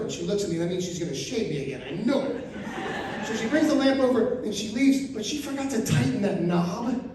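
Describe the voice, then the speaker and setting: A man doing stand-up, spinning a story with animated delivery and bursts of shouting. The sound is very echoey, caught from a distance in a large room with faint ambient noise behind him. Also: sits high, a little fast. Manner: animated, acts out characters, rising to shouts. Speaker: stand-up comedian. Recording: echoey room, mic from far off.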